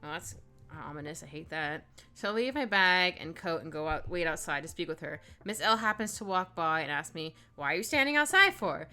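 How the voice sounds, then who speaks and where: A woman's voice: low-pitched, moderate pace, bright, forceful tone. A woman chatting casually on a live stream while she draws, reading chat aloud, laughing often and trailing off mid-thought.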